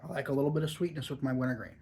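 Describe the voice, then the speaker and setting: A man's voice: medium pitch, rapid-fire, dark tone. A man in his forties talking in a chatty, rambling, easygoing way while reviewing a product for a casual vlog.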